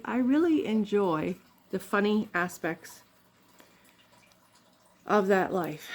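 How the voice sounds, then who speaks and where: An older woman from Canada telling rambling, funny family stories in a casual vlog, laughing often. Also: medium pitch. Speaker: vlogger.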